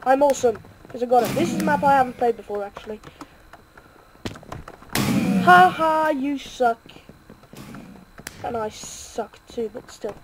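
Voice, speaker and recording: A woman giving excitable, self-mocking live commentary while playing a game, swearing and cheering in bursts. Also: high-pitched, a little slow, pauses often, background noise. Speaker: gaming video creator.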